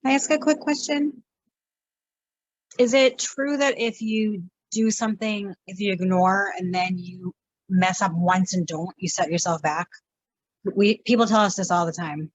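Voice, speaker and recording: A woman's voice: mid-range voice, steady tone, unhurried, highs cut off. A woman in the audience asking the presenter a question, hesitant and restarting as she asks.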